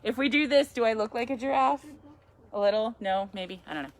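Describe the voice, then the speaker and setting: A woman with a slightly high voice, speaking a little fast, is a yoga teacher reading a picture book to a child at storytime. She's playful and chatty, adding asides and questions.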